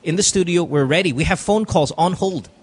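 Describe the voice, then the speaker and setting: There's a breathy edge to this podcast host's high-pitched, brisk voice as he handles callers from a radio studio. He gives emotional advice earnestly and confessionally, going over the same points repeatedly.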